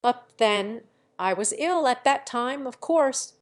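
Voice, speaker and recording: A gentle, kind and naive young man, read by a woman who speaks mildly and earnestly in a slow, unhurried way. He stays polite and modest throughout this audiobook scene. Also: a little high, animated, pitched above the performer's own voice.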